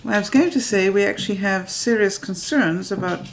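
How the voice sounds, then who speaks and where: A woman's voice: medium pitch, fairly quick, noisy background. Chatty woman vlogging from her kitchen. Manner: chatty, giggly, self-mocking. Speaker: home cooking vlogger. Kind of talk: casual kitchen vlog chat. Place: home kitchen.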